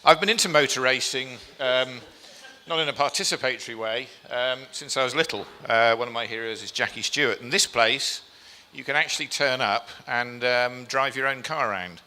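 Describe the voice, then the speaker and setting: A man with a sharp, medium-pitched voice talks at normal speed, chatting through a slide presentation for a live audience. Self-deprecating and prone to ums, he often asks the crowd questions. The event hall's long reverb colors the sound.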